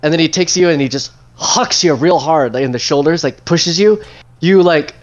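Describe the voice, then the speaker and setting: A man narrates a tabletop game as its dungeon master. His voice sits a little high for a man, and he talks in a loose, rambling way full of fillers. The podcast audio is somewhat dull and lo-fi. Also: moderate pace.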